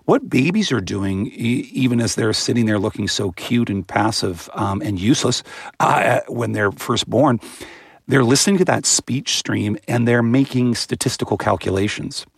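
A man, a guest author in an interview, explaining things in an animated way and imitating baby sounds as he goes. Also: mid-range voice, moderate pace, creaky, slightly rough, no echo, studio quality.

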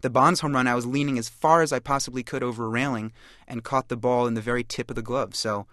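A man's voice: medium pitch, steady tone, quick pace, a bit bright, no room sound. Enthusiastic guy guest on a radio show, middle voice, dry close mic. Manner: eager, fluent, enthusiastic explainer. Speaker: studio guest, baseball collector. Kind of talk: interview talk.

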